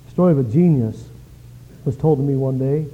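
A male pastor preaching a sermon, telling stories with lively swings from quiet to shouting. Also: medium pitch, fairly quick, slightly rough. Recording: dull lo-fi sound.

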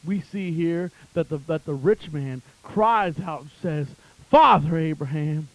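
A fiery male preacher delivering a fire-and-brimstone sermon. His voice sits a bit high for a man. He swings from shouted peaks down to hushed, intense warnings and talks in a folksy way. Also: unhurried, no echo, rough recording.

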